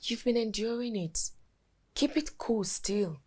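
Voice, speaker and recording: An actress with a Nigerian accent playing a loyal young female friend, speaking in a hushed, soothing way. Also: a little high, measured pace, breathy edge.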